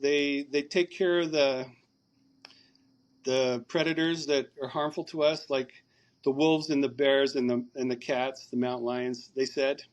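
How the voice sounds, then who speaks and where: A man's voice: mid-range voice, level tone, unhurried. A man, a podcast guest, telling a long story over a remote call, rambling and repeating words as he recounts conversations.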